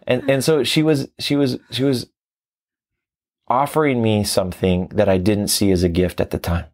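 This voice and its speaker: A man who teaches tantra, telling his story in a reflective, animated interview. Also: on the low side, moderate pace. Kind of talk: conversational interview.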